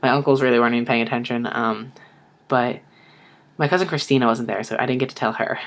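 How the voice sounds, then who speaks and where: A young man tells a story from his own life in a casual video, chatty and relaxed. He keeps saying "like" and acts out the lines of other people as he goes. His voice sits at an ordinary middle pitch. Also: quick pace. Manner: chatty, lots of "like" and "I was like", acts out quotes. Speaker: vlogger.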